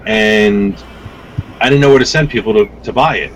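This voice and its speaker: A man chatting as a guest on a podcast, his voice sitting somewhat low. He tells stories loosely, with plenty of cursing and restarts. A faint hum of noise sits behind him. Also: moderate pace, low-quality recording. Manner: rambling, profane, repeats himself. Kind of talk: casual storytelling chat.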